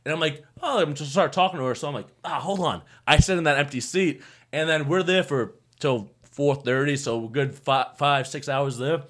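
A man's voice: fairly high pitch, a little fast, fairly bright tone. A young man telling a rambling story on a casual podcast with many restarts. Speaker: podcast co-host.

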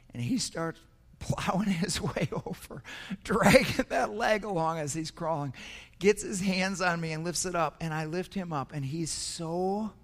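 An older man preaching a sermon, telling a personal story in an earnest, emotional way with frequent repetitions. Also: a little high. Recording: echoey hall.

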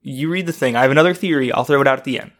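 A man's voice: medium pitch, rapid-fire, a bit bright. A man co-hosting a podcast in casual chat, rambling eagerly through his theories. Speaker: podcast co-host.

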